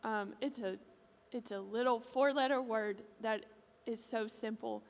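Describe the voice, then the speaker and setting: A woman speaking as a pastor's wife to a congregation in a church auditorium. She is soft-spoken and reflective. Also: fairly high pitch, a little slow, creaky. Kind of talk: stage conversation to a congregation. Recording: long hall reverb.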